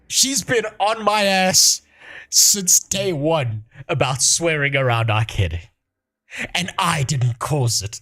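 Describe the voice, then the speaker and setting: With a slightly high voice that swings widely in pitch, pushed and bright, he talks at a slow pace. This South African livestreamer in his thirties chats casually, swearing freely and breaking into laughter often.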